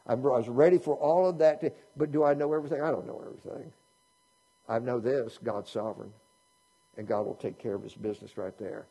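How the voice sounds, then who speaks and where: Husky, mellow-voiced preaching man. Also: medium pitch, a little fast. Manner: conversational preaching with rhetorical questions. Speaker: pastor. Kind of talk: sermon.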